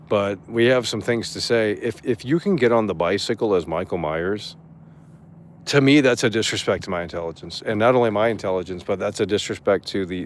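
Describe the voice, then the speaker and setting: Male streamer, lowish voice, casual excitable rant to chat, swears, stumbles on restarts. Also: slight background noise. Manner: excitable, profane, stammering restarts. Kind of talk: casual livestream commentary reading chat.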